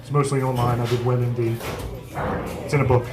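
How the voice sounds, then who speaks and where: A man's voice: mid-range voice, flat delivery, moderate pace. A man in his forties doing a profane, self-mocking stand-up set in a pub. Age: 40s. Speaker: stand-up comedian. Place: small pub comedy stage. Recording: live pub crowd noise. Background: crowd laughing.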